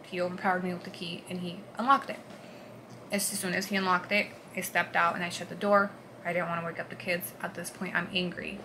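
A woman vlogger recounting a personal story in an earnest, halting way, dropping to a hush and then pushing hard. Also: lowish voice, little pitch movement, noisy background. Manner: earnest, halting, swings between hushed and forceful.

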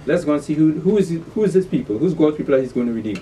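A man teaching a scripture class. He reads verses aloud slowly and then explains them, repeating key words and asking fill-in questions like "the what?". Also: medium pitch, dark tone, distant mic, slight background noise.

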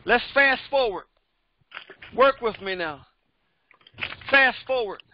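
A man in his seventies, a pastor preaching a sermon with emphatic repetition that rises to shouts. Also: extremely high pitch, expressive, slow pace, slight background noise. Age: 70s. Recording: dull, dry recording.

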